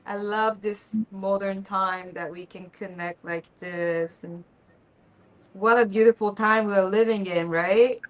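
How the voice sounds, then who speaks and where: A woman's voice: mid-range voice, steady tone, slow. A woman co-hosting a casual livestream from her kitchen, chatty and effusive. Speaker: livestream co-host. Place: home kitchen.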